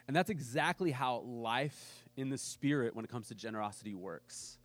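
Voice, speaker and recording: A man's voice: mid-range voice, expressive, moderate pace, few pauses. A man preaching a sermon as pastor, telling a story in a casual way and acting out the people he quotes.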